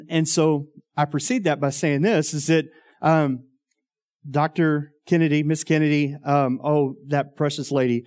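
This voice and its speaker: A man's voice: a little high, a little slow, a little mellow. A man, telling a long personal story in a rambling way, full of ums and uhs. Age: 40s. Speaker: former youth minister.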